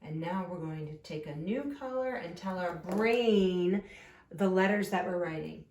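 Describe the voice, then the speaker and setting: A woman teaching an early-grade phonics lesson, sounding out letters slowly and singing short spelling songs. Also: on the low side, darkish tone, highs cut off, slight background noise. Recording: echoey room, voice a bit far off.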